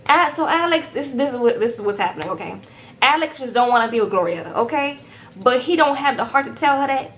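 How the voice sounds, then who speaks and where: A woman's voice: high-pitched, lively intonation, fast talker, a bit bright. A woman recapping a reality show in a sassy, chatty tone, keeps tagging her sentences with "okay?" and calls her viewers "girl". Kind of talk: casual recap chat.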